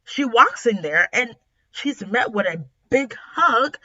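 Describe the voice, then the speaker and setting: A woman casually recapping a comic story as a reviewer, retelling it in an animated, emphatic way. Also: a little high, slow pace, breathy edge, highs cut off. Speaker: webtoon reviewer.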